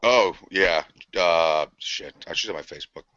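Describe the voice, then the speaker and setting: A man's voice: low voice, normal speed, sharp tone, no echo. A man in casual podcast chat, rambling and profane, acting out quotes as he tells stories. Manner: profane, rambling storyteller who acts out quotes. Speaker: podcast co-host. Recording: dull lo-fi podcast audio.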